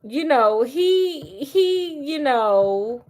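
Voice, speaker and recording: Sassy woman retelling a movie plot, slightly high voice, super chatty, keeps saying honey. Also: animated, very slow, a little mellow. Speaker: storyteller. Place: at home doing crafts.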